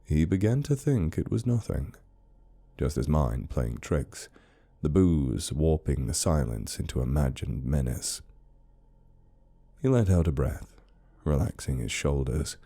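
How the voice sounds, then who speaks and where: A man reading a horror story in a slow, measured, brooding way as scripted narration. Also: extremely low pitch, sing-song, gravelly, dark tone, husky.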